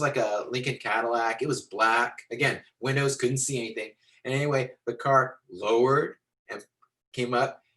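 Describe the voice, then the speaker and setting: A man teaching storytelling to visual artists, animated and rambling with many fillers and restarts, talking into a computer on a video call. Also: medium pitch, poor audio. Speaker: storytelling instructor. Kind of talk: lecture with acted-out anecdote.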